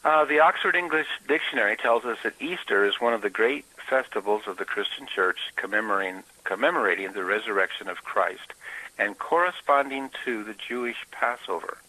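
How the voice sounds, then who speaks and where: Male Bible teacher, informal talk, bright gravelly tone, pauses a lot to think. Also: lowish voice, no room sound, poor audio. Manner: explanatory, with frequent filler pauses.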